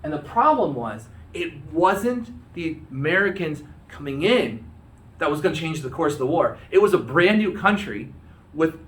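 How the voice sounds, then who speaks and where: A man's voice: on the high side, animated, recorded from a distance. Chatty male history teacher, echoey phone recording. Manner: chatty, acts out quick dialogue in joking voices. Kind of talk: casual recorded lecture.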